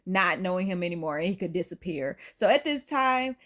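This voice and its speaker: Animated woman recapping a film. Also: lowish voice, a little fast. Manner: animated, incredulous storytelling with slang. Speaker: movie reviewer.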